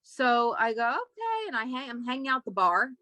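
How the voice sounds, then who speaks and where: Young adult woman, comedy writer guest, animated raunchy storyteller, sharp bright voice, dry close sound. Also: a little fast, no echo. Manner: animated, swears a lot, acts out quoted voices high and loud. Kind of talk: casual storytelling on a podcast.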